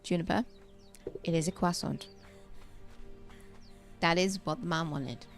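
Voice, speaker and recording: Over game music, a woman streams a survival game and tells stories about a shop in chatty, casual talk. Her voice is low-pitched and measured, and her speech is full of fillers and restarts.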